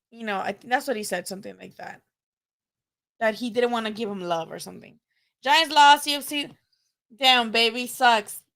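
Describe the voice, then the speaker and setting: A young woman hosting a casual boxing livestream, rambling, animated and profane. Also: a little high. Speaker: boxing channel host.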